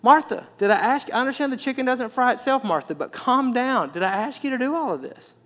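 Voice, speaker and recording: A man preacher voicing a calm, gentle man who softly and unhurriedly chides a fretful woman. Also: very high voice, big-room sound. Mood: gently chiding. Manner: soft, gently chiding, unhurried.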